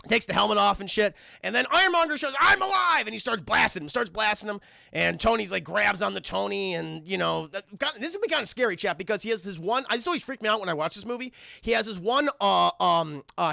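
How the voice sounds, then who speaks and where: High, gravelly man streaming a film recap. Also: no echo, clean studio sound. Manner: animated, swears often, acts out lines in quick bursts; many fillers and restarts. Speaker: film reviewer streaming live. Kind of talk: casual scene-by-scene film recap to live chat. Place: home streaming setup.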